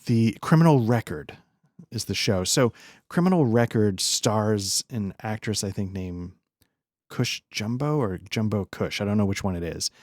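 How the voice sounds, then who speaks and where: A man's voice: lowish voice, lively intonation, a little slow, darkish tone, no echo, clean studio sound. A man hosting a let's play, chatting casually and rambling through self-deprecating asides while he games. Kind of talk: casual commentary while gaming.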